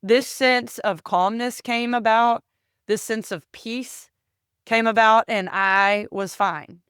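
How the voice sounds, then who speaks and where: A woman's voice: a little high, fairly even intonation, slow, a bit bright, smooth, dry recording, studio quality. A woman hosting a podcast, telling a personal story in an earnest way, often repeating words and calling listeners "y'all". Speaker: podcast host.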